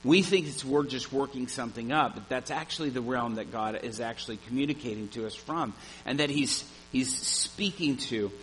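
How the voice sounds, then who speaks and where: A man preaching a sermon, telling a story with animated energy. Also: mid-range voice, a little hiss or hum, poor audio. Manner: animated storyteller, shouts at the climax.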